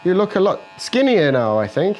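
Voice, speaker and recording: A man's voice: high-pitched, sing-song, moderate pace, a little mellow, soft background music, poor audio. A man, a barber, explaining each step of a fade haircut while he cuts and jokes with his client in a barbershop. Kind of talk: hair-cutting tutorial narration with client chat. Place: barbershop, indoors. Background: faint buzz of electric clippers.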